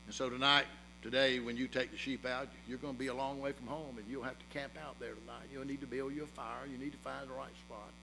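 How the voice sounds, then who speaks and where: A man's voice: medium pitch, flat delivery, fast talker, music in the background, voice pushed down, lightly acted, poor audio. A man voicing a shepherd father in a sermon story, giving his son an earnest warning. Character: stern caring shepherd father.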